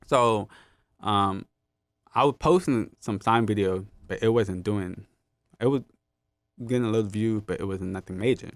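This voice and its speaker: A man's voice: fairly low pitch, moderate pace, pauses often, no room sound, clean studio sound. A young man telling stories in a casual podcast interview, laid-back, laughing often and acting out what others said. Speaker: podcast guest. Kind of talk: casual storytelling.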